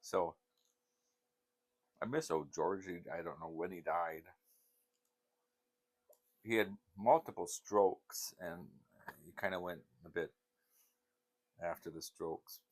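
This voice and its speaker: A man's voice: deep voice, takes it slowly, long pauses. An older man hosting his channel, telling rambling, meandering stories with frequent restarts and laughter. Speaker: channel host. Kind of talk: casual rambling storytelling.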